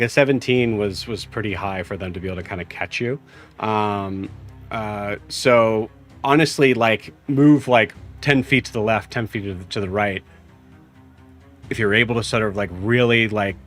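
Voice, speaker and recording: A young man narrating as game master, halting and full of fillers as he describes the scene. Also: on the low side, fairly bright tone.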